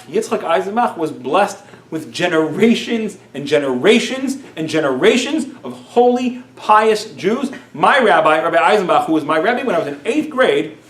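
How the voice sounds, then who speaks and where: Rabbi, man, animated storyteller voicing characters; higher-pitched, roomy recording. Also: recorded from a distance. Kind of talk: storytelling Torah class.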